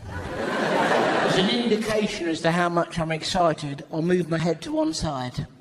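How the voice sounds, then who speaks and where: A comedian voicing a cocky, deadpan little male dog in a stand-up bit, drawling slowly and self-importantly. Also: on the high side. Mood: smug. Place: live comedy stage. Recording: roomy live venue, audience noise. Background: audience noise.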